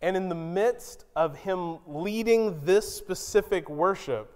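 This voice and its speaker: A man preaching a sermon, unhurried and deliberate, with a smooth, resonant voice. His voice rings with a long reverb, as in a big church hall. When he quotes someone, he jumps to sudden high, loud outbursts. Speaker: pastor.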